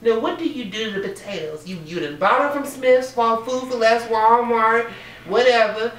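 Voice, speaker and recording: A woman's voice: fairly high pitch, moderate pace. Sassy woman talk show host, echoey room. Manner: sassy, affectionate, calls people honey. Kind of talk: casual talk show chat. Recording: echoey room, distant mic, faint noise.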